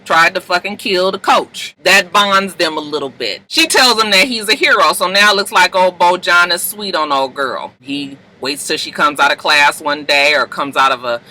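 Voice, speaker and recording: A man's voice: high-pitched, normal speed, few pauses, sharp tone, rough recording. A man casually recapping TV episodes, telling the story with lots of slang and swearing and acting out the characters' lines. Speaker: TV recap host.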